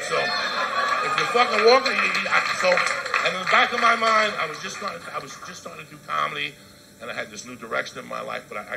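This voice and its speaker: A middle-aged man telling a stand-up story, profane, swinging from loud outbursts to low asides. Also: creaky, background noise. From New Jersey. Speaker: comedian.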